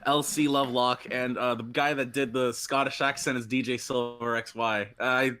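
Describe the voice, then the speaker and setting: Guy hosting a podcast, excitable, trips over the intros, sharp bright tone. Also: medium pitch, normal speed, smooth. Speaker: podcast host. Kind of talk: casual podcast chat.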